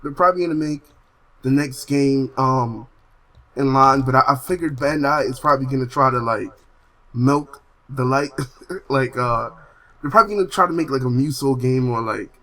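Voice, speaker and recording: A man's voice: mid-range voice, normal speed, fairly bright tone, rough recording. A man co-hosting a casual gaming podcast, talking in a blunt, slangy way. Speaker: podcast co-host.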